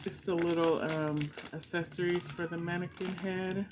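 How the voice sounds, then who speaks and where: A woman's voice: lowish voice, flat delivery, moderate pace, noisy background. A middle-aged woman vlogging an unboxing at home, gushing and emotional with frequent exclamations. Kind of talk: casual unboxing vlog.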